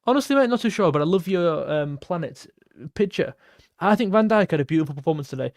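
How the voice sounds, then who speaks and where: A man's voice: sits high, lively intonation, fast talker, a little mellow, no room sound, clean studio sound. A young man hosting a casual football fan livestream, reading out viewer messages and thanking donors in a chatty way. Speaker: football channel host reading donations.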